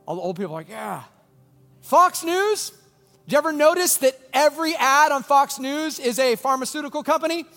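A man preaching a sermon as pastor, telling a story with lively swings from loud bursts to quiet, intense moments. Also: extremely high pitch, brisk, in a large hall, faint music behind.

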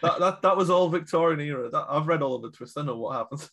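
A man's voice: a little high, quick pace, creaky, a bit bright, a little hiss or hum. A man chatting casually about films on a podcast, joking and laughing often. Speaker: podcast co-host. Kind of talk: casual film chat.

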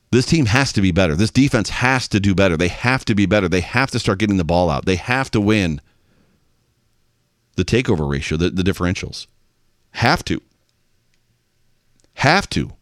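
A man hosts a sports talk podcast, delivering an animated monologue as an exasperated fan ranting. His voice is low, and the sound is clean studio quality with no room sound.

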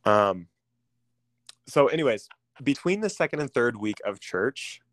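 A man candidly telling a personal story as an interview guest, pausing often with ums and restarting phrases. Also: mid-range voice, sing-song, fairly bright tone, no echo. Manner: halting, with frequent ums and restarts.

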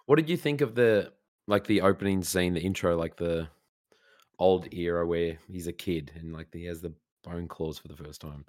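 A man's voice: low-pitched, normal speed, darkish tone, dry recording, clean studio sound. A man rambling enthusiastically in a casual film review chat. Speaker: podcast co-host.

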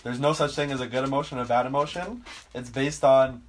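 An animated man laying out an idea in casual talk, getting louder as he builds his point. He keeps checking in with "you know what I'm saying". His voice sits in a middle pitch. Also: fairly quick, a little hiss or hum. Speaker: podcast co-host. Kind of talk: casual chat.

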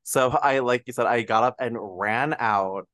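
A man's voice: mid-range voice, measured pace, fairly bright tone, no room sound. A man co-hosting a film podcast, chatting casually and animatedly, laughing often and rambling with fillers. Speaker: podcast co-host. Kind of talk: casual film review chat.

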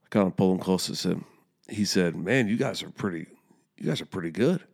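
Speaking as a young youth soccer coach, a man with a very deep voice tells his listeners a story in a loose, casual style, swearing freely and growing more heated. He talks fairly quickly, with vocal fry and a slightly rough edge.

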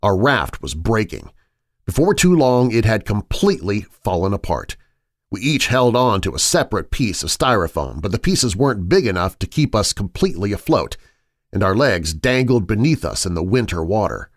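Low-voiced man narrating a horror tale. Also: very animated, no room sound, studio quality. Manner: measured, suspenseful storytelling. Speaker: horror podcast host and narrator. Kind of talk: scripted horror story narration.

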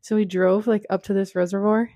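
A young woman in her twenties telling a dating story in casual chat, animated and often laughing as she talks. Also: medium pitch, brisk, no echo. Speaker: podcast guest.

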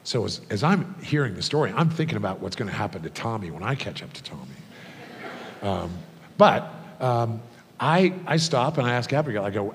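A man with a fairly low voice preaches a sermon in a loose, story-driven way, full of ums and restarts. His voice rings with a long hall reverb. A faint rumbling noise sits underneath. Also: big pitch swings, a little fast. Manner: storytelling, conversational with many fillers. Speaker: pastor.

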